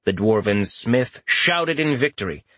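A man reading a fantasy novel aloud as an audiobook narrator, in a steady, measured storytelling manner. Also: mid-range voice, no echo.

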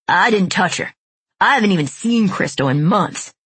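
A woman's voice: mid-range voice, expressive, moderate pace, fairly bright tone, breathy edge, no room sound. Woman doing a curt, evasive suspect man. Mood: defensive. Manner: curt, clipped denials. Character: evasive defensive middle-aged man suspect.

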